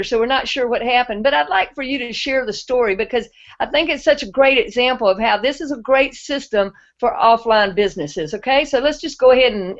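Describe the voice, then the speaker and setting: A woman's voice: fairly high pitch, highs cut off. A woman hosting a group video call, talking in a chatty, easygoing way. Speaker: host. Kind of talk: casual chat.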